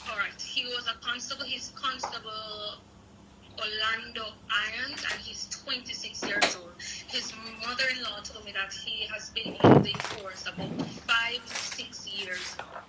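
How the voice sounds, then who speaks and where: A woman giving a measured, formal news report from the field. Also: a little high, steady tone, very noisy.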